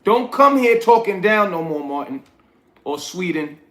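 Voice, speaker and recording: A man's voice: sits high, animated, unhurried, a bit bright, echoey room. A man with a New York accent hosting a casual livestream, reading viewers' comments aloud and coaching them bluntly. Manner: reads chat aloud, coaching and scolding viewers. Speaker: livestream host.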